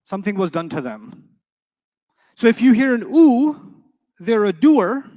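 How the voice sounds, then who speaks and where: A man's voice: high voice, normal speed. A young man teaching an Arabic grammar lesson, asking his students questions often. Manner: lively, asks the class questions often.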